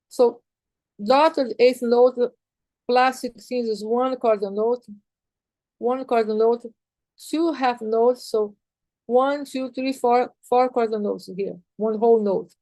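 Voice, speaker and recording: Higher-pitched woman teaching rhythm notation. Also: fairly even intonation, slow pace, warm tone, dry recording. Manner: patient, repetitive, counts and sings rhythms on "ta". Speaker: music teacher. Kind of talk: explaining music rhythm notation.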